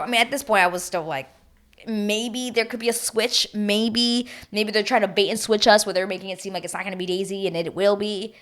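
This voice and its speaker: A woman giving a chatty, animated recap of a reality TV season, acting out her own reactions as she goes. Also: mid-range voice, brisk. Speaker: TV recap host.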